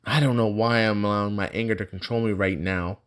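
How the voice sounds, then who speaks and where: A man's voice: lowish voice, fairly even intonation, fairly quick, clean tone, lightly acted. A man voicing an angry young male student who speaks bitterly about his troubles. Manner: bitter, brooding.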